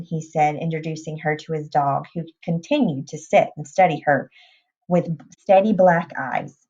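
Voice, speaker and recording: A woman reading a novel aloud in a plain, unhurried way, with small restarts. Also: deep voice, a little mellow. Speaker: reader. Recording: dull lo-fi recording.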